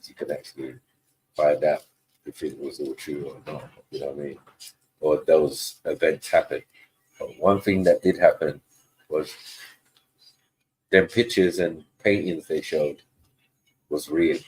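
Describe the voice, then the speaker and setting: A man's voice: extremely low pitch, fairly even intonation, unhurried, pauses often, darkish tone, husky, poor audio. A man, chatting casually on a livestream panel in laid-back slang. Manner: laid-back slangy talk, frequent "you know what I mean".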